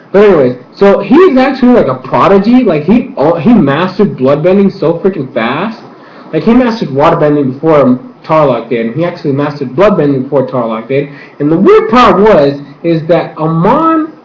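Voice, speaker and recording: A man's voice: fairly high pitch, big pitch swings, moderate pace. A man casually reviewing a TV episode, rambling, with lots of filler swearing. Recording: echoey room, muffled, faint hiss.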